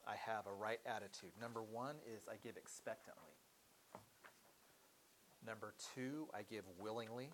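A man's voice: fairly low pitch, moderate pace, long pauses, noisy background. A man co-teaching a Bible study, running through numbered points and then explaining them with everyday examples.

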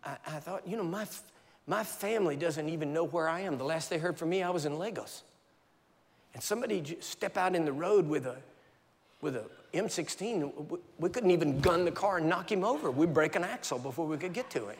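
An American man preaches in a fairly high voice, telling a gripping personal story with dramatic flair. His words ring out with a long reverb from a large church hall. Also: animated, fairly quick. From United States. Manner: vivid, dramatic storytelling with sound effects. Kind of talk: storytelling sermon.

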